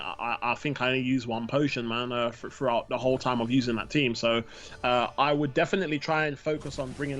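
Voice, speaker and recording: A man's voice: medium pitch, fairly bright tone. A man in his thirties chatting casually on a gaming stream, laughing often, telling stories and reading out questions. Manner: laughing, storytelling, says man and bro a lot. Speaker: co-host reading chat questions.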